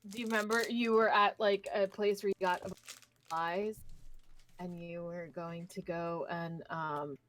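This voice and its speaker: A woman narrating as game master in a casual tabletop session, halting and relaxed with many fillers. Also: fairly low pitch.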